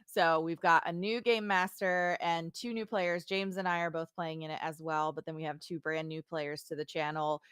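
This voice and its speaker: A woman's voice: low voice, steady tone, moderate pace, few pauses, a bit bright, smooth, dry recording, studio quality. A woman chatting casually on a livestream about her tabletop game shows, upbeat and giggly. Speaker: streamer and tabletop game player.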